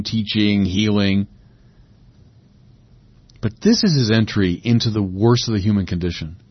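Male preacher, husky and dry, lo-fi recording; reflective sermon with emphatic swells. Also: lowish voice, no echo.

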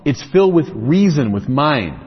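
Husky-voiced man lecturing in an echoey hall. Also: mid-range voice, sing-song, moderate pace. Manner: explanatory, builds points in lists and rhetorical questions. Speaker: speaker on religion. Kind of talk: lecture-style religious talk. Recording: echoey, dull lo-fi recording.

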